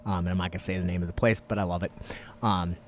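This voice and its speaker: A man co-hosting a podcast, telling stories in casual, profane, animated chat. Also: low-pitched, quick pace, slight background noise. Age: young adult. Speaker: podcast co-host.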